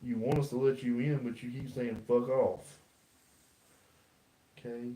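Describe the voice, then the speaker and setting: A man's voice: medium pitch, little pitch movement, fairly quick, dark tone. A man hosting a livestream ghost hunt inside a house, calling out insistently to a spirit and chatting with his team. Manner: talks out to a spirit, questioning and insistent. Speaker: paranormal investigator and livestream host. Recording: echoey room.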